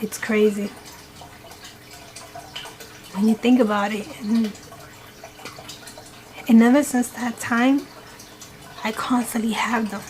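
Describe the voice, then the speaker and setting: A woman's voice: on the high side, steady tone, takes it slowly, pauses often, a little mellow. Emphatic woman telling a scary story. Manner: dramatic, emphatic retelling with swearing. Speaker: vlogger. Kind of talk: storytime vlog.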